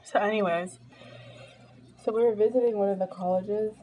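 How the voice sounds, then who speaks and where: A woman's voice: mid-range voice, steady tone, moderate pace, mellow, rough recording. A young American woman chatting casually as she eats, telling a story with lots of fillers. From United States. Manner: chatty storytelling, many fillers, eating between lines. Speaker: vlogger. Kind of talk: casual chat while eating.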